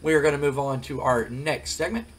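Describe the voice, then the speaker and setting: A man with a rather high voice talks through a wrestling game, reading out results in a loose, chatty way. He sounds easygoing and off the cuff, with small fillers along the way. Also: a little fast. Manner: chatty, relaxed, reads out results. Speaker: game player and commentator. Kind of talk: casual let's-play commentary.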